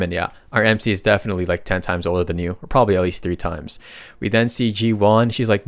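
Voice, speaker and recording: Male recap narrator, low voice, chatty and hyped, dry booth sound. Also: fast talker, no room sound. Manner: excited, slangy, reads dialogue with reactions. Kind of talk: casual story recap narration.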